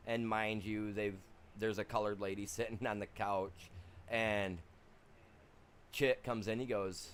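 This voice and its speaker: A man's voice: lowish voice, fairly even intonation, moderate pace, slight background noise. A man streaming a game, chatting casually in a rambling, chuckling way as he tells stories. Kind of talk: casual chat during a livestream.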